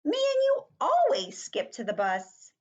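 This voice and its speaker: A chirpy little schoolgirl from a storybook, as a teacher reading aloud puts her on, high and loud with a bouncy sing-song lilt. The sound is dull and lo-fi, a touch muffled. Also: huge pitch swings, measured pace, heavily acted. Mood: cheerful. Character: young schoolgirl Grace, cheerful and bouncy.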